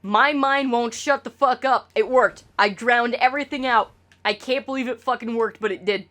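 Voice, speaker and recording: A woman's voice: a little high, normal speed, a bit bright. A woman streamer talking casually to her chat, rambling and swearing with lots of stammered restarts.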